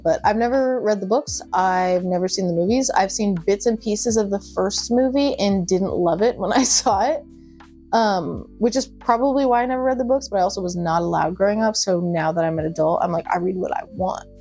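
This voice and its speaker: A young woman talking casually as a book vlogger, chatty and gushing, with quick asides. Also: mid-range voice, a little mellow. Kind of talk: casual chat.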